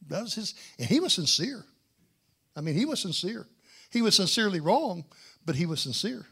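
A man, a pastor, telling a humorous personal story in a sermon, animated and self-mocking, acting out the dialogue. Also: high voice, fast talker, husky.

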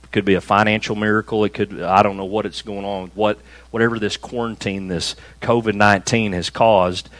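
A man preaching a conversational sermon to a small church room, slowing down to stress key phrases. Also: on the low side, flat delivery, fairly bright tone, dry recording, poor audio. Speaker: pastor.

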